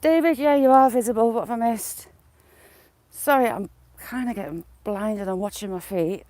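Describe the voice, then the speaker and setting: A woman's voice: a little high, normal speed, warm tone, no echo. A woman with a mixed English accent hosting a casual walk-and-talk livestream outdoors in the countryside. She greets her viewers by name as she chats. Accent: English, mixed regional. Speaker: livestream host.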